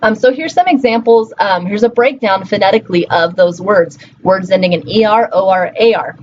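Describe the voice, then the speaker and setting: A woman's voice: mid-range voice, normal speed, darkish tone, highs cut off, slight background noise. A woman teaching a recorded linguistics lecture in a chatty, encouraging way, often checking in with "okay?" and "right?". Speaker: linguistics instructor.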